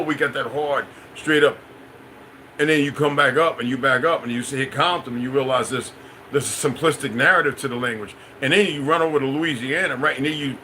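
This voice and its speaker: A man with a bright, forceful voice hosts a casual livestream. He wanders from point to point, circles back and repeats himself, and keeps calling out to the viewers. There is a faint hum of room noise behind him. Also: mid-range voice, rough recording. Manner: loose, meandering, repeats phrases, addresses viewers as y'all. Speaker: livestream host. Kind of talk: rambling livestream monologue, answering chat.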